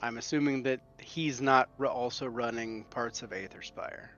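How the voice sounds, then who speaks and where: A man's voice: medium pitch, steady tone, moderate pace, fairly bright tone, dull audio. A man speaking as a tabletop game player, casual and hesitant, sometimes swearing. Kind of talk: casual in-character role-play.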